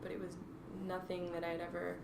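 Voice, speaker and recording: A woman's voice: lowish voice, monotone, a little fast, creaky. A woman in her twenties, a guest talking reflectively with many fillers and restarts, recorded in an echoey room from a distance. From North Carolina, USA. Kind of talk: casual interview chat. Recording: echoey room, distant mic, faint noise.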